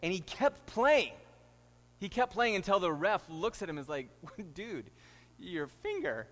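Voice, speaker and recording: A man's voice: high-pitched, expressive, moderate pace, a bit bright, long reverb tail. A middle-aged man, a pastor, preaching a sermon and telling stories with rising, emphatic delivery. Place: church sanctuary.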